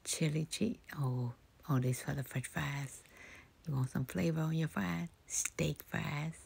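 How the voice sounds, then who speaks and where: A woman hosting a soft-spoken ASMR walkthrough of a big store, half-whispering product labels, repeating words and making chatty asides to viewers. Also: deep voice, fairly even intonation, a little slow, gravelly, slightly rough. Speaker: ASMR channel host. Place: large indoor outdoor-goods store.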